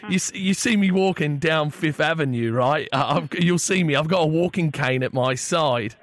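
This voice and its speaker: A man's voice: fairly high pitch, normal speed, natural voice. A man doing a put-on English accent, voicing a chatty, overly polite Englishman who has just moved to town, in a prank call. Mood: theatrical. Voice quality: exaggerated, theatrical politeness.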